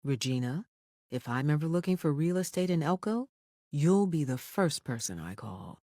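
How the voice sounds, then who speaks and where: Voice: medium pitch, lively intonation, moderate pace, warm tone, dry recording, studio quality, lightly acted. An audiobook narrator voicing a polite, careful woman private investigator on a phone call. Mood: businesslike.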